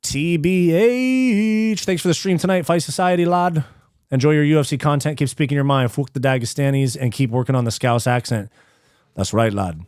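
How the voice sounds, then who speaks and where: A man hosting a live stream, chatting casually, reading viewer messages aloud and thanking them, relaxed and slangy, swearing freely. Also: medium pitch, brisk, no room sound, studio quality.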